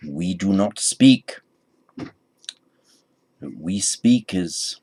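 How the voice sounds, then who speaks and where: A man teaching a Sanskrit lesson, slowly repeating each phrase for the learner. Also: sits low, a little mellow. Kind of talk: recorded language lesson.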